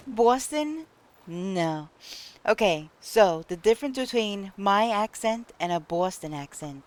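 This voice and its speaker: A woman with a Long Island New York accent talks casually to her live-stream chat, laughing often between remarks. Her pace is slow and easy, and her pitch sits in a middle range. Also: big pitch swings.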